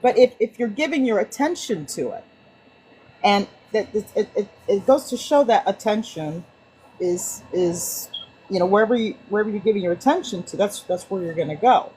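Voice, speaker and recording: A woman on an online group call, sharing casually with lively, acted-out anecdotes and frequent restarts. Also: mid-range voice, moderate pace, husky, poor audio. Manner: animated storyteller, many restarts and acted-out quotes. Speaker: book club participant.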